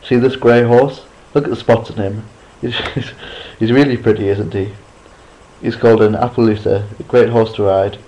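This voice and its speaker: A man voicing a sporty, joking teenage boy, with urgent lines that rise to shouts when he is hurt. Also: medium pitch, fairly even intonation, normal speed, dull audio, a little hiss or hum, natural voice. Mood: proud.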